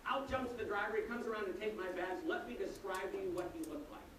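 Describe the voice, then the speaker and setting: A man delivers a keynote as an animated, humorous storyteller. His voice sits high for a man. The recording is roomy and echoey, picked up from a distance. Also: fast talker. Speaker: keynote speaker. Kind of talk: storytelling customer service speech. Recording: echoey room, distant mic, faint noise.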